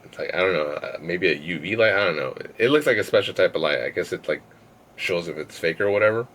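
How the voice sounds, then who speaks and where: A man's voice: deep voice, lively intonation, quick pace, a bit bright. A young man, a podcast guest, telling a rambling, profane story in casual chat and laughing between phrases.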